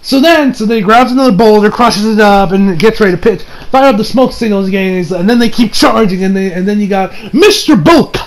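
A man giving a casual anime episode review, excitable and swearing, recapping scenes with mock quotes. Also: high voice, a little fast, few pauses, low-quality recording.

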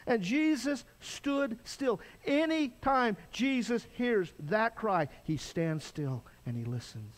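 An older man preaching a sermon as pastor, impassioned, swinging from loud cries to quiet intensity. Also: very high-pitched, animated, takes it slowly, hardly any pauses.

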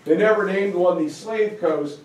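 A man's voice: high voice, a little slow, a little mellow. A man giving a casual classroom history lecture, talking conversationally with lots of fillers and check-ins with his audience. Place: lecture room. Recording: echoey room from far off.

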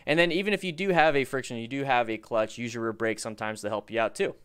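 Smooth-voiced man hosting a live stream. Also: medium pitch, quick pace, fairly bright tone. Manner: chatty, reads viewer questions and gives riding advice; upbeat, hypes the chat for likes. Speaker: live-stream host reviewing motorcycle videos. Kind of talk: casual live-stream commentary.

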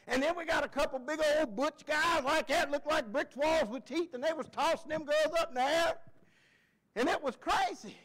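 Preacher guy, real high voice, folksy and fired up, shouts now and then. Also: normal speed, over a noisy crowd, rough recording. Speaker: pastor. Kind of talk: sermon.

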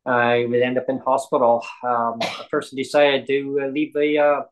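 Man, podcast chat, halting, rambling, many fillers, mid pitch. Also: completely flat delivery, poor audio. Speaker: podcast host and guest. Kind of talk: casual chat.

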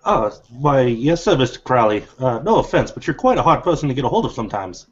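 A man's voice: medium pitch, big pitch swings, fairly quick, lightly acted. A man voicing a nervous, old-fashioned male vampire who speaks formally and courteously, on a dull lo-fi recording. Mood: polite.

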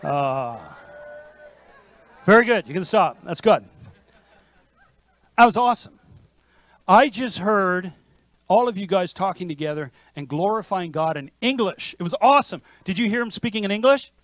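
A man preaching a sermon as pastor, in a lively conversational manner with frequent restarts. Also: high voice, moderate pace, long pauses, dry recording. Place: church sanctuary.

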